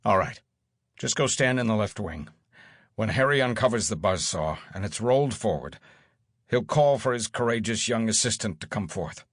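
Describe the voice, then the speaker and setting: A man's voice: fairly low pitch, expressive, moderate pace, no echo, studio quality. A man voicing a worried middle-aged stage manager, speaking in an anxious, hesitant way in an audiobook. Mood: reluctant. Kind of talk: audiobook character voice.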